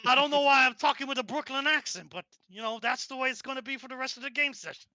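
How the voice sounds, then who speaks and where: A man's voice: extremely high pitch, fast talker, bright, forceful tone. A man running a tabletop game, joking casually about his own voices. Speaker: game master.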